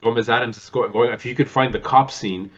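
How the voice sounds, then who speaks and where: Male co-host, casual film chat, mid pitch, halting delivery, muffled lo-fi sound. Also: steady tone, fairly bright tone. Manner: rambling, halting, many fillers, acts out quotes in a high theatrical voice. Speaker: podcast co-host.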